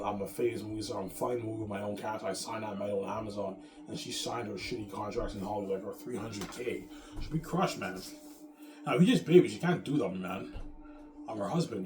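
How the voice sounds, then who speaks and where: A man rambles through a boastful, profanity-laced monologue, circling back to the same points again and again. His voice sits on the low side and rings around a reverberant room. Music plays clearly underneath him the whole time. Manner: boastful and profane, repeats himself. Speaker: vlogger. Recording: echoey room with music playing.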